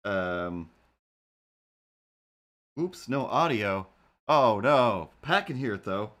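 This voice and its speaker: A man's voice: fairly low pitch, sing-song, very slow, fairly bright tone. A man hosting a casual live stream, rambling and joking as he talks to his chat.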